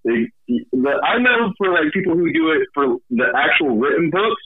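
A male audiobook narrator is a guest on a podcast, chatting in a candid, self-deprecating way. His voice is husky and a bit breathy. He comes through a thin, phone-like remote line. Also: on the high side, big pitch swings, normal speed. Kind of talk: casual podcast conversation.

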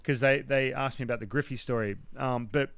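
Ex-pitcher from Australia, a man in his thirties, animated storyteller who keeps quoting himself, middle-pitched voice recorded dry and close. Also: fairly quick, clear, resonant tone, no echo. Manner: animated, acts out his past thoughts in quotes, laughs often. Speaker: former baseball pitcher, guest. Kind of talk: animated storytelling in a podcast interview.

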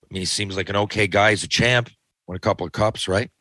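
Podcast host, male, low voice, profane, sardonic rambling, dry close mic. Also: steady tone, fast talker, bright, forceful tone, dry recording. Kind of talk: casual podcast chat.

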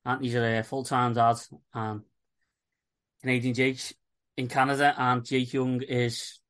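A man hosts a casual football podcast, talking bluntly and swearing freely. His voice sits at an ordinary middle pitch. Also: little pitch movement, a little slow, fairly bright tone, smooth. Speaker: podcast host.

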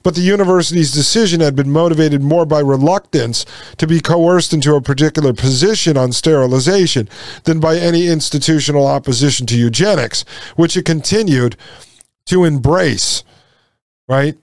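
A man hosting a commentary show, talking to listeners with indignation and repeating his points. He slows down and drops low for emphasis. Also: darkish tone, dry recording. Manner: indignant, repeats lines, addresses listeners as folks. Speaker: podcast host. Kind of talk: impassioned commentary.

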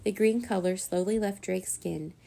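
A woman reading a children's chapter book aloud in a steady, even narrating voice. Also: medium pitch, moderate pace, gravelly, slight background noise. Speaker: storyteller.

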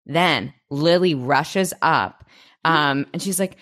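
A woman's voice: sits low, expressive, slow pace, a bit bright. A woman co-hosting a podcast, recapping a TV episode in casual chat, swearing freely and acting out characters' lines. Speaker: podcast co-host.

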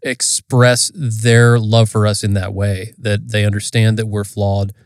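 A man co-hosting a conversation, speaking in a thoughtful, measured and reflective way. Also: lowish voice, level tone, no room sound, clean studio sound. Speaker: podcast co-host. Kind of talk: casual conversation.

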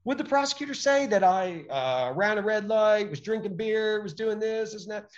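Animated, emphatic man, lo-fi sound. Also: high voice, moderate pace. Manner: animated, emphatic, acts out quoted exchanges. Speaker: podcast guest. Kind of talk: conversational interview.

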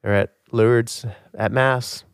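Middle-aged male co-host, smooth resonant voice, animated and self-deprecating, dry sound. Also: mid-range voice, takes it slowly, no room sound. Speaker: podcast co-host. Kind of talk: casual chat.

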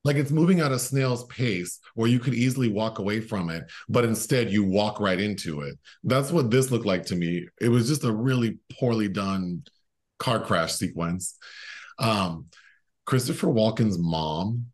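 Man, podcast co-host, fairly low voice, casual film chat, joking, laughs a lot, loose filler-heavy talk. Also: normal speed.

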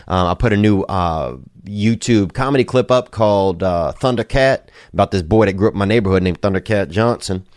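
Male podcast host, very low voice, loose drawling delivery, dry close sound. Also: no room sound. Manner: loose, drawling, joking, swears casually. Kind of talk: casual rambling podcast talk.

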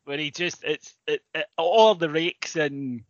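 Man with a higher, dull-sounding voice. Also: unhurried, no echo. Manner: sweary, laughs often. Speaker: podcast co-host. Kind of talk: casual comedy chat.

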